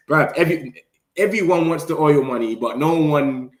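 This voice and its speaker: A young channel host chats loosely about football transfers in a casual live news session, full of slang, banter and frequent laughter. His voice is fairly high at a normal speed, in an echoey room.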